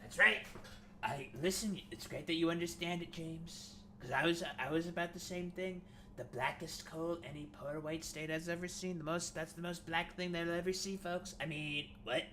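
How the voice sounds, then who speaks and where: A man's voice: on the high side, steady tone, normal speed, a little hiss or hum, voice pushed up. A man doing a bombastic bragging old politician. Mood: blustering. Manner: exaggerated bragging, repeats catchphrases, swings loud and soft. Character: boastful older male politician, bombastic, repetitive superlatives. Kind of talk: comic impression.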